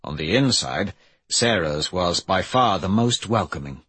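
Husky low-voiced guy reading an audiobook, dry close sound, steady pace. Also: a little slow, no room sound. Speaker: audiobook narrator. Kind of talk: scripted narration.

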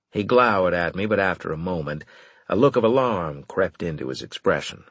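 A man narrating a first-person audiobook with wry, lively storytelling. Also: low voice, normal speed, husky, no room sound.

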